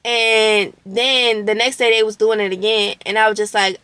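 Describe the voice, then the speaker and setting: A woman's voice: a little high, level tone, moderate pace, bright, forceful tone, smooth, no room sound. A young woman vlogger recounting a roommate conflict in a casual storytime, candid and indignant, with slang and swearing.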